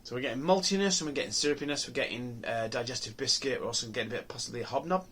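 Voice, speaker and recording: A man in mid-range pitch talks through a beer tasting on his own show. He rambles and muses aloud, trailing off, restarting and asking himself questions as he sniffs and sips. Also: very fast, fairly bright tone, husky. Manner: rambling, musing, lots of ums and restarts. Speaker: beer reviewer. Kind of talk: casual review monologue.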